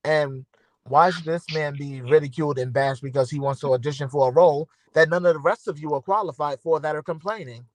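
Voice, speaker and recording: A man's voice: a little high, brisk, dry recording. Man hosting a casual live podcast. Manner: chatty, reads live comments, laughs often. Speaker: podcast host.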